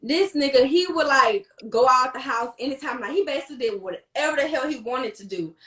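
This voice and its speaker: A young woman co-hosting a podcast, chatting casually and acting out dialogue as she tells lively stories. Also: high-pitched, brisk, hardly any pauses, recorded from a distance. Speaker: podcast co-host. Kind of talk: casual chat. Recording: echoey room, off mic.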